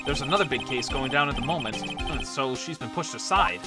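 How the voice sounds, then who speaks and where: Casting: man voicing a folksy, eager cop, animated delivery, music underneath. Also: medium pitch, a little fast, lightly acted. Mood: earnest. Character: earnest, clumsy adult male police detective. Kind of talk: reading game dialogue aloud.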